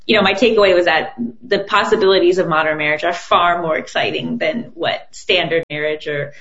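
Woman podcaster and coach as interview guest, low-pitched, earnest, muffled sound. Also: steady tone, a little fast, a bit bright. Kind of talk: conversational interview.

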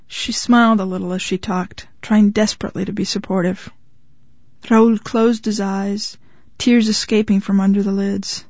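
A woman reads a short story aloud in an even, measured voice. The sound is a touch dull and dead dry, close to the mic. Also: medium pitch, dry recording. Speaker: reader. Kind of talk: scripted narration of short fiction. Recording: slightly muffled, dry.

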